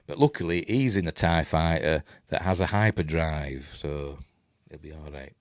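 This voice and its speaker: A man's voice: very deep voice, expressive, normal speed, dry recording, clean studio sound. An older man with a Yorkshire accent giving a rambling, chatty film commentary while watching along. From Yorkshire, England. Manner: rambling, chatty, hums the score. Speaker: film reviewer. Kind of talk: casual commentary over a film.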